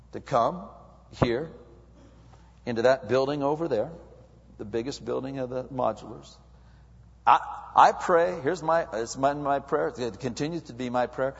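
Husky preacher in an echoing hall. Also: male voice, medium pitch, unhurried, pauses often. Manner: animated, swings from loud to hushed. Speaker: pastor. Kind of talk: sermon. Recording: dull lo-fi recording with long hall reverb.

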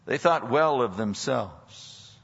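A man's voice: mid-range voice, animated, slow pace, gravelly, a bit bright, breathy edge. A male pastor preaching a sermon in a church, emphatic and sometimes mockingly sarcastic. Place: church sanctuary. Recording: dull audio with long hall reverb.

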